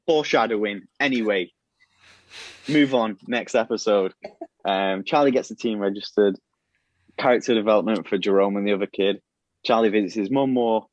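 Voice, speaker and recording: Low-voiced man rambling through a plot pitch. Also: normal speed, dry recording. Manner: rambling, many restarts and fillers, acts out quoted lines. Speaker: podcast host pitching a show plot. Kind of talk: casual podcast storytelling. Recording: dull, lo-fi and dry.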